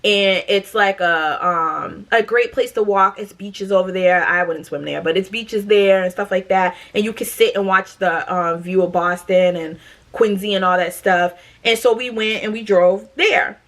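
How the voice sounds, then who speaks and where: A woman in her thirties from Massachusetts telling a storytime to camera in a blunt, profane, animated way. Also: medium pitch, moderate pace. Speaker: storytime vlogger.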